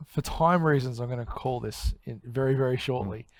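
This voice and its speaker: A man's voice: mid-range voice, brisk, no room sound. A man hosting a casual interview, asking questions and giving frequent short affirmations.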